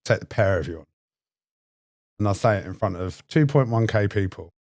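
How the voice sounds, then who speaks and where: A man's voice: lowish voice, expressive, normal speed, a little mellow, dry recording, clean studio sound. A man trading brash, sweary, mocking insults during a livestream battle. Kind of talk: taunting livestream banter.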